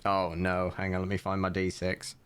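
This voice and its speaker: A man's voice: sits low, monotone, normal speed, fairly bright tone, clean tone. A man playing a tabletop game, joking around in casual chat. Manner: playful, jokey reactions. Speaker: player.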